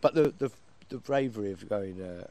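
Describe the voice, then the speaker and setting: A man telling an animated anecdote, acting out quotes and laughing as he goes. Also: on the low side, moderate pace, a little hiss or hum. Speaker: performer. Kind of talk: anecdote in casual chat.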